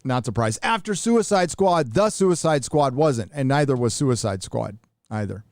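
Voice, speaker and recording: A man's voice: medium pitch, lively intonation, moderate pace, a little mellow, no room sound, studio quality. A middle-aged man from the United States hosting a live stream, talking bluntly and profanely in rambling casual commentary with many restarts.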